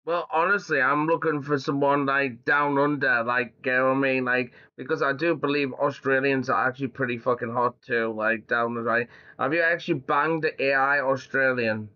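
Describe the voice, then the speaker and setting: A man's voice: mid-range voice, steady tone, normal speed, lo-fi sound. A man streaming, chatting loosely with an AI, full of fillers and swearing. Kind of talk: casual chat.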